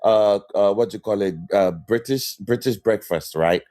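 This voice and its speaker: A man's voice: lowish voice, moderate pace, warm tone. A man on a livestream chat, talking emphatically and animatedly in slangy speech.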